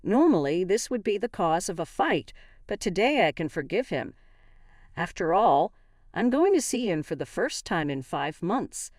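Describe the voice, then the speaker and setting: A woman narrating a first-person story in a steady, even reading voice. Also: on the low side, normal speed, dry recording, studio quality.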